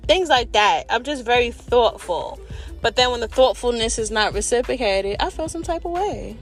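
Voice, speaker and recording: A woman, an adult with children, talking openly in a candid personal monologue, animated and expressive, with slang and a bit of cursing. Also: on the high side, brisk, faint music behind. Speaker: vlogger.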